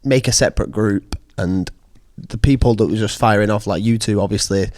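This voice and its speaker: A man co-hosting a podcast in casual chat, chatty and quick to jump in. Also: fairly low pitch, a little mellow, no room sound, clean studio sound. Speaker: podcast co-host.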